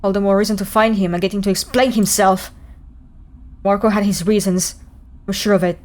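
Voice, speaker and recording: A woman's voice: mid-range voice, steady tone, brisk, a little mellow, close to an everyday voice. A woman voicing a concerned male spacefarer with a scarred arm in a video game, reading his lines plainly.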